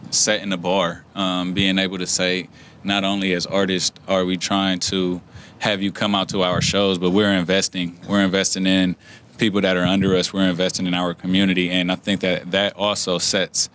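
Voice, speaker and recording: A man musician speaking in a measured, earnest way during an interview. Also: low-pitched, little pitch movement, a bit bright, slight background noise. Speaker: musician guest. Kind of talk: casual interview chat.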